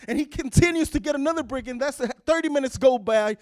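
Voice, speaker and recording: A male pastor preaching a sermon to viewers online, emphatic and repetitive, building to shouts. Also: very high voice, quick pace.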